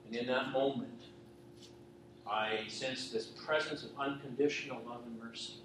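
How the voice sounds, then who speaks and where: A man's voice: medium pitch, steady tone, unhurried. A middle-aged man, a pastor, giving an earnest personal testimony sermon, often checking in with the listeners. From western Canada. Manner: earnest, repetitive, asks listeners "right?". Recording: echoey hall from far off, faint noise.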